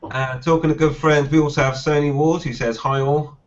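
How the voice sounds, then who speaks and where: A man hosting a live video-call Q&A, chatting with panel members and reading out viewer comments in a brisk, chummy way. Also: on the high side, steady tone. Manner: brisk, chummy, reads out questions. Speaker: host of a live Q&A hangout. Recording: dull lo-fi video call audio.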